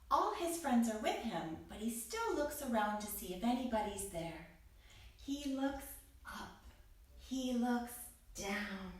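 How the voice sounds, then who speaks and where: Slow, gentle woman telling a kids' story. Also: on the high side. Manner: playful, greets the listener with bright rising calls. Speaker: kids yoga teacher. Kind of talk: storytelling for children. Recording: roomy echo from far off.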